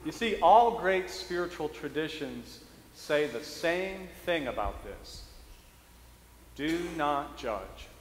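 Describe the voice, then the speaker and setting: Male priest, humorous sermon, slightly high voice, long church reverb. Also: big pitch swings, slow, slight background noise. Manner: humorous storytelling, self-mocking, chuckles often. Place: church sanctuary. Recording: roomy echoey church hall.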